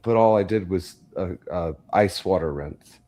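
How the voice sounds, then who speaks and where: A man's voice: sits low, a little slow, dark tone. A man in casual chat, telling a long, profane story with energy.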